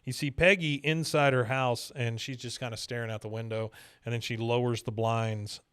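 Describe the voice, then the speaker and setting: Man recapping, smooth and dry. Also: medium pitch, steady tone, moderate pace, fairly bright tone, dry recording. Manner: narrates scenes at length with fillers. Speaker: podcast co-host. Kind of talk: casual episode recap.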